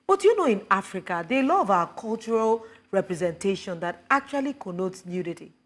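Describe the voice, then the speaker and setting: Woman panelist, middle pitch, earnest and methodical. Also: very animated, brisk. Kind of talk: panel discussion.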